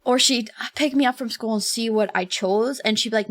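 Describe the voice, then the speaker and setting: A young woman streaming while she draws, chatting casually, giggling often and reading chat out loud. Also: on the high side, brisk, hardly any pauses, no room sound, clean studio sound.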